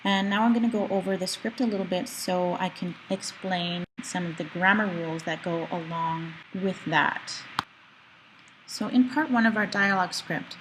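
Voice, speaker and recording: A woman teaching a recorded language lecture with a somewhat low voice. She explains each word patiently and slows down to model its pronunciation. A faint hiss sits under the recording. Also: steady tone, rough recording.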